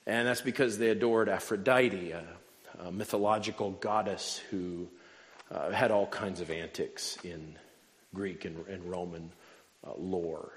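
Man, preacher, lowish voice, sermon with wry jokes, long hall echo. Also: fairly even intonation, measured pace. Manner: humorous storytelling with wry asides. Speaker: pastor.

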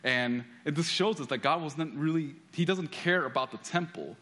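With a fairly high, pushed and bright voice at normal speed, a male pastor delivers a sermon, reading scripture aloud and telling stories that he restarts again and again.

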